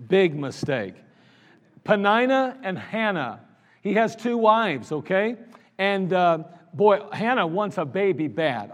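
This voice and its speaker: A man preaching a sermon as pastor, in an earnest, conversational way with lots of repetition. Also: high-pitched. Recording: long reverb of a large hall.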